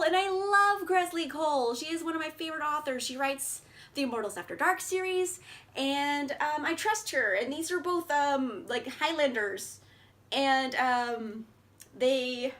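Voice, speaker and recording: A bubbly book vlogger, a young woman, casually goes over the books she picked up, filling her chat with fillers and laughs. Her voice sits high with a fairly bright tone, captured indoors on a camera mic.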